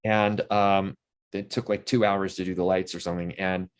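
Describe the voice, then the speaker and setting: Animated man telling set stories. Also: low-pitched, normal speed, clear, resonant tone. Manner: animated storyteller who acts out quotes from the set. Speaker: interview guest, actor and playwright. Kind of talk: casual interview chat.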